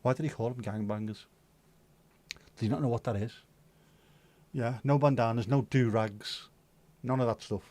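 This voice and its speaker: A man's voice: medium pitch, normal speed, long pauses, a little mellow. Jokey, sweary man hosting. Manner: jokey, sweary and self-mocking. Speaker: livestream host. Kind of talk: casual chat reading viewer comments.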